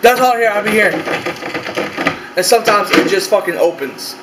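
A man's voice: sits high, brisk, roomy sound, heavy background noise. A young man vlogging casually from his bedroom, rambling, swearing a lot and repeating himself. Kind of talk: casual room-tour vlog.

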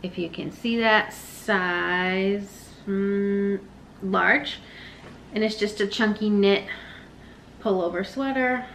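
Bright-voiced chatty woman vlogger. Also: mid-range voice, gravelly, a little hiss or hum. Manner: quick, chatty, self-deprecating asides. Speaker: reseller vlogger. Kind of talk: casual haul vlog. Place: living room, sitting on the floor.

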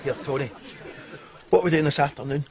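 A man's voice: a little high, fast talker, over a noisy crowd, natural voice. A man with a Scottish accent playing a rambling, giggling young stoner in a TV sketch. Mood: giggly. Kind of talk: television sketch comedy. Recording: loud background noise.

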